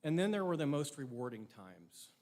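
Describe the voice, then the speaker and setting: A man's voice: on the high side, very animated, normal speed, darkish tone. A middle-aged man giving a prepared ceremony speech, earnest and reflective, with rhetorical questions to his audience. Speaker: ceremony speaker.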